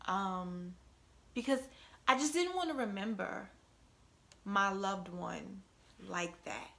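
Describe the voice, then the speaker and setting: A middle-aged woman shares a personal story straight to camera in a warm, conversational way, sprinkling in asides to the viewer. Her voice is bright and clear, and her pitch sits in an ordinary middle range. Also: expressive, slow pace. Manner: emotional, conversational, many "you know" and "right?" asides. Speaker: vlogger telling a personal story. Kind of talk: heartfelt storytelling vlog.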